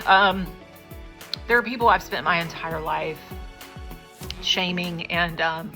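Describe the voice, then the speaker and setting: A woman's voice: on the low side, slow pace, long pauses, bright, forceful tone, faint music behind. A woman in her early fifties hosting an interview, speaking sincerely and emotionally, close to tears at times. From rural United States. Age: 50s. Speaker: podcast host. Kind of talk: heartfelt conversation and closing to camera.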